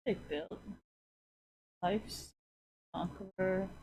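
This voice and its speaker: A woman's voice: mid-range voice, very slow, darkish tone, breathy edge. Chatty woman gamer talking to viewers. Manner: blunt, swears freely. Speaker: streamer. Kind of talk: casual chat while playing a video game.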